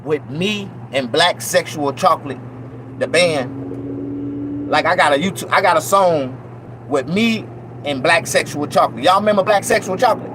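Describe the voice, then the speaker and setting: A man's voice: fairly high pitch, moderate pace, background noise. A middle-aged man from Mississippi with a Southern accent, rambling loosely and profanely to his viewers. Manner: loose, profane, animated, mock-preaching asides. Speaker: vlogger. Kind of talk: rambling casual monologue to viewers.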